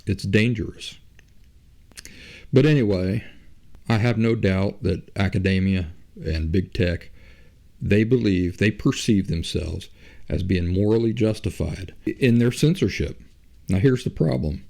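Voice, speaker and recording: A man's voice: on the low side, measured pace, vocal fry, mellow. A man hosting a podcast, talking through an argument in a rambling monologue and asking rhetorical questions. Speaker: podcast host. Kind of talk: casual monologue.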